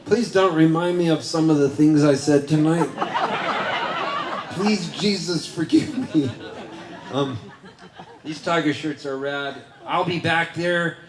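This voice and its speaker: High-voiced joking man on a roomy stage. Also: background noise. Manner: goofy, rambling, self-mocking humor, laughing often. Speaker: singer-songwriter performing live. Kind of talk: joking stage banter between songs. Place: winery concert venue, live audience. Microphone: stage vocal microphone. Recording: roomy live concert with guitar.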